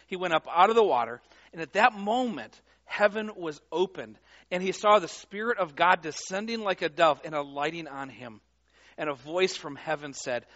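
A man with a notably high-pitched voice delivers a sermon, talking to his congregation in a loose, conversational way. He leans on emphasis and often restarts his phrases. The recording has a slightly dull, muffled tone. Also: a bit bright. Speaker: pastor.

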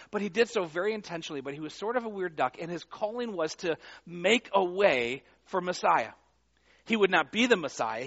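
A man's voice: high-pitched, fairly bright tone, dull audio. A male pastor preaching a sermon in a conversational, emphatic way, with frequent fillers and restarts.

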